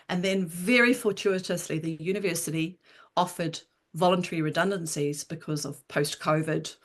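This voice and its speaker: Here's a woman in her sixties, a writer on an interview show, and she tells her story with real animation, laughing often along the way. Her voice sits a bit low for a woman. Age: 60s. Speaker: guest, writer.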